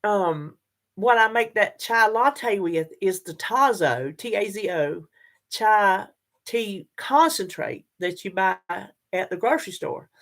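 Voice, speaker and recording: An older woman chats casually in her vlog, speaking straight to her viewers in a chatty, animated way. Her voice is mid-range and her pace slow.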